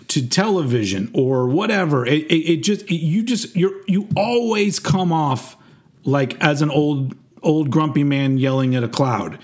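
A man in casual podcast chat, ranting in an animated way with many restarts. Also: a little high. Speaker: podcast co-host.

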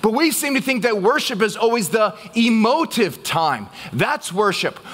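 A man pastor preaching a sermon to his church, asking the congregation questions and pausing for their answers. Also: sits high, fairly bright tone.

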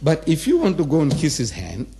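A man's voice: a little high, wildly swooping pitch, brisk, gravelly, warm tone, slight background noise. Man in his seventies, religious lecturer, emphatic, repeats himself, rhetorical questions. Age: 70s. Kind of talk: public lecture to a live audience.

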